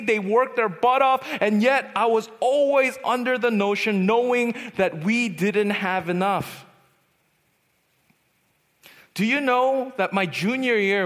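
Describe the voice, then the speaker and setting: A young man preaching at a youth retreat, telling personal stories and acting out the voices in them. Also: high voice. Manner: animated storyteller, acts out voices. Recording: long hall reverb.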